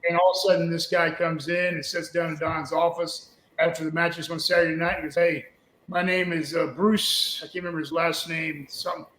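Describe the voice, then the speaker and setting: A man's voice: a little high, flat delivery, fairly quick, a bit bright. Folksy older man telling stories, echoey. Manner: rambling, folksy storyteller with laughs. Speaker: former wrestling booker. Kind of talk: storytelling in a played interview clip. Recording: echoey room.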